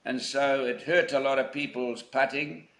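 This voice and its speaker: A man's voice: medium pitch, steady tone, moderate pace, fairly bright tone, roomy sound. An older man from South Africa, a golf legend being interviewed, telling anecdotes in a reflective, emphatic way. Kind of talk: conversational interview.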